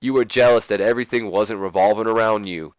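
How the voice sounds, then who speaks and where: Guy reading a threatening wrestler promo, lowish voice, crude insults, dry. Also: fairly even intonation, fast, clear, resonant tone, no room sound, natural voice. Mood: menacing. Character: menacing male wrestler threatening a rival.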